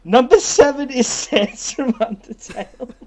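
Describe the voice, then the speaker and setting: A co-host in casual gaming podcast chat, relaxed, reading out lists and laughing often. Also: high voice, a little slow, slight background noise.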